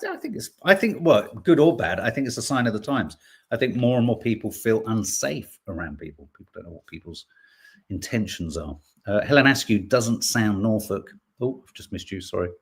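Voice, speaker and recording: A podcast host from Birmingham, England, speaks in a mid-range, slightly rough voice. He casually reads out headlines and viewer comments, tossing in jokey, playful asides.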